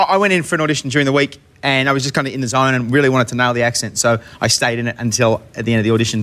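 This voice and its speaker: A man's voice: mid-range voice, a bit bright. An Australian actor speaking as a talk show guest, rambling and repeating his words. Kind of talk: casual chat.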